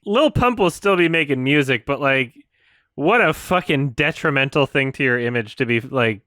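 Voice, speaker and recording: A man's voice: medium pitch, sharp tone, dry recording, studio quality. A man from Canada hosting a stream, ranting casually with lots of swearing, restarts and disbelief. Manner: profane, incredulous, stammering restarts. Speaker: streamer host.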